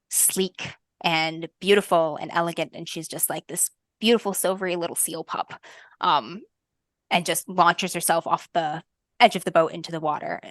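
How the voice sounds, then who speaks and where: A woman game master narrating a fantasy tabletop game in a soft, lyrical way, with frequent ums. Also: on the low side, dry recording, clean studio sound.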